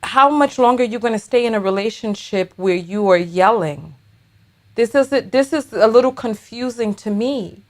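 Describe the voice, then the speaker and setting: Woman reaction host, high voice, sassy and blunt comebacks. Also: normal speed. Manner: sassy, blunt, animated retorts. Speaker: reaction commentator. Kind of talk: reaction commentary on a video.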